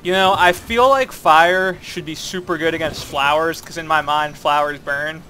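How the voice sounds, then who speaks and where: A co-op gameplay commentator chats casually as he plays, rambling playfully and leaning on lots of fillers. His voice sits on the high side, pushed and bright, with a steady tone and moderate pace; a faint hiss or hum runs underneath.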